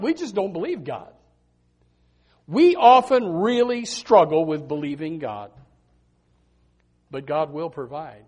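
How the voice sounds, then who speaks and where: High-voiced preacher, animated. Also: male voice. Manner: animated storytelling, emphatic repetition. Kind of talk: sermon.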